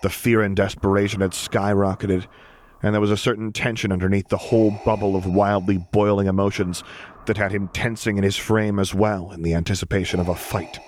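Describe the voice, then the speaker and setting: A man reading fan fiction aloud as an audiobook, narrating in a steady, measured way. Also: on the low side, a little hiss or hum. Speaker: reader.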